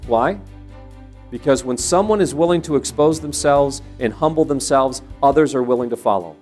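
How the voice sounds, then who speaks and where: Faint music plays beneath a man whose medium-pitched voice has a darkish tone and a moderate pace. As a Christian parenting speaker, he offers sincere, sermon-style teaching with anecdotes, regularly restarting phrases as he makes his case.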